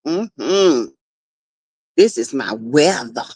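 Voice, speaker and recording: Lively-voiced woman chatting live. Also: very deep voice, very slow, slightly rough, dry recording. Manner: chatty, greets viewers by name, gossipy. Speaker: livestream host. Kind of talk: casual live chat with viewers. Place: home backyard shed.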